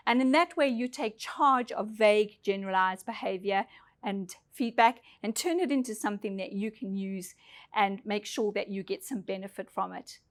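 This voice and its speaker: A woman's voice: mid-range voice, moderate pace. A woman leadership trainer giving an instructional presentation, speaking emphatically and putting questions directly to her listeners.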